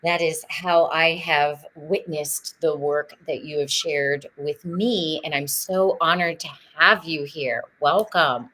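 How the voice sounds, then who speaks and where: A woman's voice: sits low, slow, few pauses, pushed and bright. A woman hosting a podcast, talking in an effusive, spiritual, chatty way. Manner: effusive, sings her show jingle. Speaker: podcast host. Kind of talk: casual spiritual podcast chat.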